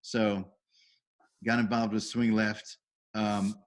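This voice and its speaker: Middle-aged male host, lowish voice, video-call sound, chatty and enthusiastic, greets everyone warmly with praise. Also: flat delivery, slow. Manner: enthusiastic, reads out chat messages with upbeat praise. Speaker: volunteer trainer and call host. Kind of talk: casual welcoming on a video call.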